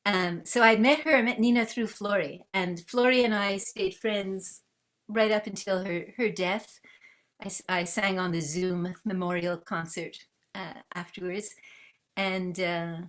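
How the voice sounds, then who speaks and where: A woman from Canada, a guest musician and researcher, telling anecdotes in a lively conversational way over a video call. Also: medium pitch, unhurried. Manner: lively, acts out dialogue in anecdotes. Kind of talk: conversational storytelling.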